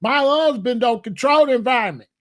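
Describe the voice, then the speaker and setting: A man's voice: extremely high pitch, expressive, fairly quick, voice pushed up. A man voicing God's angry, bossy wife who calls herself Mother Nature, demanding respect. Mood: furious.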